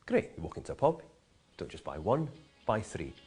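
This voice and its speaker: A man's voice: on the low side, very animated, moderate pace, a little mellow, slightly rough, faint music behind. A man teaching how to taste, enthusiastic and full of vivid comparisons and playful asides. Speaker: whisky educator. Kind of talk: explanatory tasting talk.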